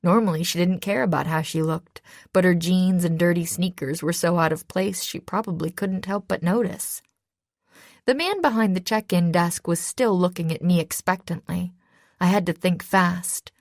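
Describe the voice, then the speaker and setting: A woman's voice: on the low side, moderate pace, no echo. Woman reading an audiobook, dry sound. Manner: gives characters slightly raised voices. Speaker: audiobook narrator. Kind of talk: first-person audiobook narration.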